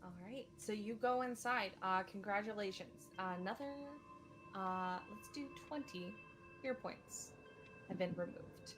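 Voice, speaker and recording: A woman running a tabletop game as game master, narrating at an unhurried pace with plenty of filler words. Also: medium pitch, music in the background.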